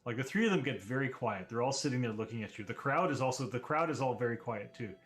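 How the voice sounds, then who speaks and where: A man in a mid-range voice guides players through a tabletop adventure as game master. He narrates scenes in an unhurried, descriptive way. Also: mid-range voice, animated. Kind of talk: running an online tabletop game.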